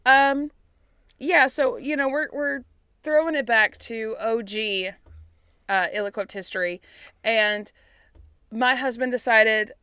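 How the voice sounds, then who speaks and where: A chatty woman co-hosting a podcast with a bright, sharp voice. She laughs often and swears casually. The sound is dry and close, from a small home closet. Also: a little high, slow pace, long pauses, smooth, no echo. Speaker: podcast co-host. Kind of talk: casual chat. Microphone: laptop setup on a fold-out table.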